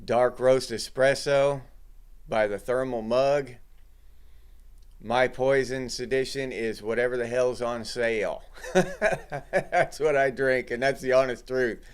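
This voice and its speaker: A man's voice: mid-range voice, slow pace, pauses often, clear, resonant tone. A middle-aged man hosting a casual livestream, chatting loosely and greeting viewers in the chat. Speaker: livestream host.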